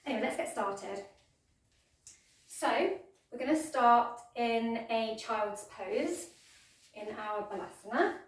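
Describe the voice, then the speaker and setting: A woman's voice: fairly high pitch, expressive, takes it slowly, long pauses. A woman teaching a casual yoga class, talking in a chatty, rambling way with lots of ums and restarts. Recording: echoey room, voice from far off.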